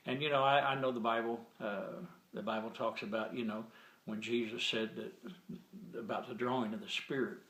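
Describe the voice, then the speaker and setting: A man's voice: mid-range voice, steady tone, moderate pace, a bit bright, roomy sound, low-quality recording. A man casually telling a personal faith testimony, rambling with many fillers and restarts and retelling conversations with frequent "he said, I said.". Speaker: Christian sharing a testimony. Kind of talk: casual spoken storytelling.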